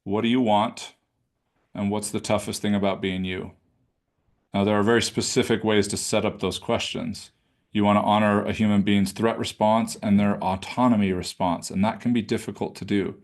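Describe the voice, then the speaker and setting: A man coaching a live online class, talking conversationally and demonstrating how to ask questions in a low throaty voice. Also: little pitch movement, normal speed. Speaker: business coach. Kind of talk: live webinar teaching. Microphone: video call.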